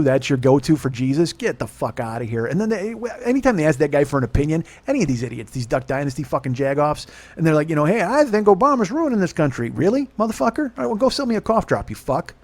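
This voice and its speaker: Profane ranting man, loud and laughing. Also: fairly high pitch, lively intonation, fast talker, hardly any pauses. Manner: loud, heavily profane, laughs through his own jokes. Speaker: podcast host. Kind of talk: profane comedic rant.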